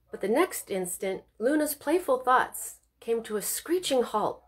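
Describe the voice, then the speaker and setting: A woman's voice: on the high side, sing-song, a little slow. A woman reading her own novel aloud, telling it expressively with suspense. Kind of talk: audiobook reading.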